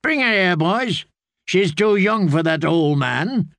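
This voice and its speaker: A coarse, swaggering sergeant who bullies and taunts, pitched a little above a normal man's voice, as a male narrator puts him on. The delivery is slow and dry, with no room around it. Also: animated, gravelly, fairly bright tone, no echo, heavily acted. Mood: bullying.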